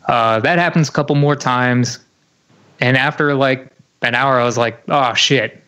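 A man's voice: medium pitch, measured pace, bright, forceful tone, clean tone. A young man telling a story in casual chat, full of fillers and swearing. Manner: swears a lot, lots of "like" and "you know".

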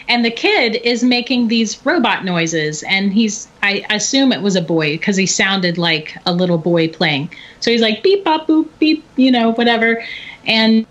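A middle-aged woman telling a story in casual chat, animated and often laughing. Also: medium pitch, a little slow. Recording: dull lo-fi recording.

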